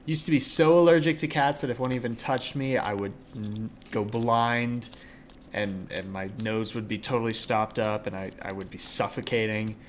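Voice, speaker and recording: A man live-streaming a game from his home computer desk, chatting casually with viewers and cooing softly at his cat. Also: fairly low pitch, steady tone, normal speed, slight background noise. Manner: chatty, talks to his cat in a soft doting voice.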